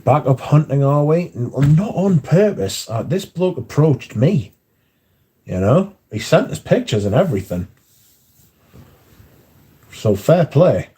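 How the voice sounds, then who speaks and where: A man's voice: a little high, very animated, measured pace, pauses often, warm tone. A man hosting a livestream, chatting casually with viewers and telling rambling anecdotes full of swearing and filler words. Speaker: livestream host.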